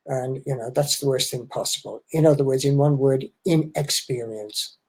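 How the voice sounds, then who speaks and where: A man's voice: medium pitch, normal speed, darkish tone, slightly rough. A man answering audience questions in a webinar as an import-export trainer, explaining with emphasis and correcting himself.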